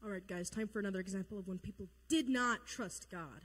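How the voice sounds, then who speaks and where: A woman's voice: mid-range voice, fairly quick, long reverb tail. A woman leading a casual Bible lesson, chatty and joking, acting out quotes in funny voices. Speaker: youth Bible study leader.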